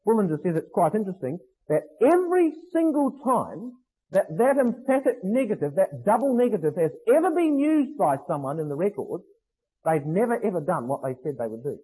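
Male preacher, sermon delivery; mellow, husky tone, leans hard on key words. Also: sits high, sing-song, poor audio. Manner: emphatic, with stressed slowed phrases and rhetorical questions.

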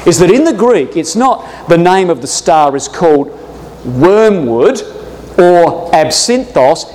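A man teaching a Bible class to a live audience, jokey and animated, often addressing his listeners as brothers and sisters. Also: a little high. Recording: long echo of a hall.

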